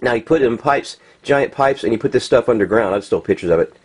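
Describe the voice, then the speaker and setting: Husky american guy ranting over pics, fired up, lots of ums and restarts. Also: medium pitch, animated, brisk. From United States. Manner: agitated, ranting, many restarts and fillers, swears. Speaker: vlogger. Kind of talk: unscripted commentary over pictures.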